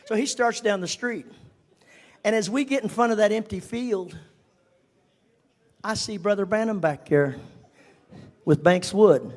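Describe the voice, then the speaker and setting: An older man telling a personal story to a congregation, animated and at times dropping to a whisper. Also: high-pitched, measured pace, pauses often. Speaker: speaker giving a testimony.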